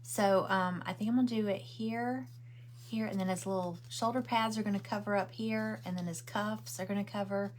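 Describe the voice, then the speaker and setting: With fairly even intonation and a moderate pace, a middle-aged woman hosts a craft livestream from home, chatting, rambling, and answering viewer comments while she crafts. Her voice is mid-range, and there's slight background noise.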